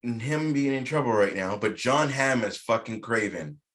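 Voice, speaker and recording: A man's voice: medium pitch, lively intonation, normal speed, fairly bright tone. A man co-hosting a casual podcast, joking, interrupting and swearing a lot. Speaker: podcast co-host. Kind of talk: casual chat.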